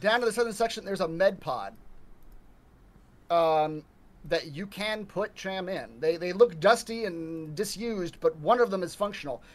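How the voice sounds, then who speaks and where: A man narrating a tabletop horror game as game master, halting and full of restarts. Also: high-pitched. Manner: halting, restarts mid-sentence, many ums.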